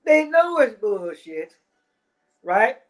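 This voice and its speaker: A man's voice: high voice, sing-song, takes it slowly. A man ranting in casual commentary, heavy on swearing and repeated fillers. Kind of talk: profane rant.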